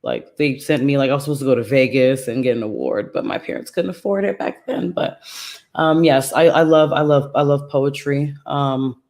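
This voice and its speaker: Woman, calm soothing voice, serene, soft-spoken, casual interview guest. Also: rumbling low, moderate pace. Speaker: guest podcaster.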